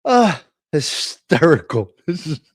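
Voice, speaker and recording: A man's voice: fairly high pitch, very animated, slow pace, slightly rough, no room sound, clean studio sound. Chatty man hosting a live stream. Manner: chatty, laughs often, teasing, ad-libs. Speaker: live stream host reading viewer comments. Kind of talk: casual live stream chat.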